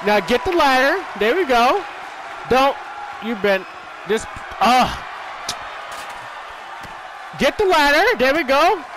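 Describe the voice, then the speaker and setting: A man hosting a gaming channel, giving casual commentary on a wrestling game, exasperated, shouting at the screen and swearing. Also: extremely high pitch, big pitch swings, slow pace, pauses often. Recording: game audio with loud crowd noise. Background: video game crowd noise.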